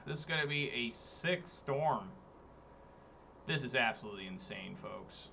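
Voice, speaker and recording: A man's voice: mid-range voice, expressive, measured pace, creaky, pushed and bright, slightly rough. A man streaming a card game, giving casual, exasperated commentary, swearing and talking to his chat. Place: home room, hot day.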